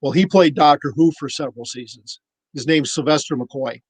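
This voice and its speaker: A man on a podcast telling a casual, animated story and acting out the voices of the people in it. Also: on the high side, moderate pace, breathy edge, no echo, rough recording. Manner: animated anecdote-teller, acts out quoted voices. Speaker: podcast cohost.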